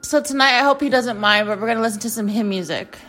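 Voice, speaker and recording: A woman's voice: fairly high pitch, quick pace, fairly bright tone, soft background music. A young woman hosting a podcast, chatting casually and gushing about a band she loves, rambling and laughing often. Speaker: podcast host. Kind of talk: casual fan chat.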